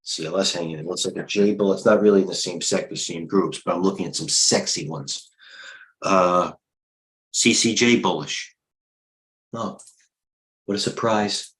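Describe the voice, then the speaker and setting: Deep-voiced rambling trading host. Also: male voice, moderate pace, long pauses, a bit bright, low-quality recording. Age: middle-aged. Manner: rambling, blunt, thinks aloud over charts. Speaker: trading coach and livestream host. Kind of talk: live market commentary.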